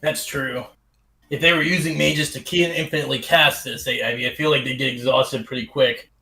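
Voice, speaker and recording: Bright-voiced joking male player. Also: mid-range voice, fairly even intonation, slight background noise, rough recording. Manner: quick, joking, curious questions. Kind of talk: casual tabletop game chat.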